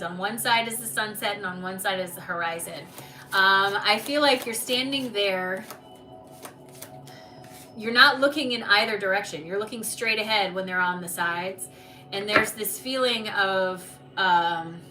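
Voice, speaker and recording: A woman hosting a live oracle card reading stream, chatty and reassuring, talking to viewers by name. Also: medium pitch. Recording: distant mic with background noise.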